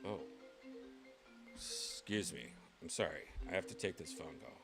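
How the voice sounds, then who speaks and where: A man hosting his own show, reacting to clips in casual livestream commentary, excitable and swearing freely with loud exclamations. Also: deep voice, a little slow, music in the background. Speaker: show host.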